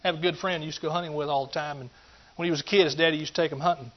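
This middle-aged man races through a folksy sermon in a fairly high, steady voice. He shifts between booming emphasis and hushed asides while calling out to those listening, all captured on a dull lo-fi recording.

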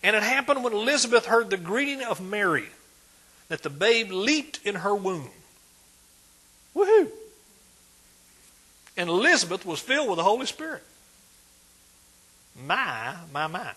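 A man preaching a sermon, emphatic, swinging between loud declarations and hushed asides. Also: high-pitched, lively intonation, normal speed, slightly rough.

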